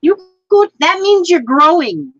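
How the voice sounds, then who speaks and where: High, lively-voiced woman, slow talker. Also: dry recording, lo-fi sound. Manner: enthusiastic, laughs easily. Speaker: livestream co-host. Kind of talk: casual craft livestream chat.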